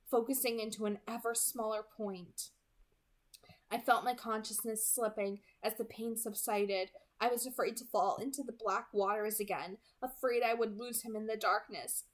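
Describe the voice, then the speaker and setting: A woman reads a novel aloud in the first person. Her voice sits fairly high, and she gives the lines an earnest, dramatic delivery. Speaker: reader. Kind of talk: first-person audiobook narration.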